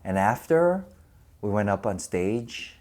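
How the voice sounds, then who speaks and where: A man in his forties telling stories casually in a podcast interview, animated and laughing often as he acts out quoted voices. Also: on the low side, slow pace. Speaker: actor and podcast host.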